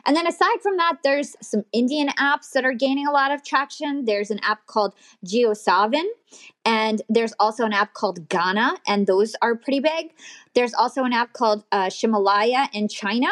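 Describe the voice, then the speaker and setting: A woman from the United States, hosting a podcast industry news show and explaining things in a steady, informative way with casual fillers. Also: fairly high pitch, moderate pace.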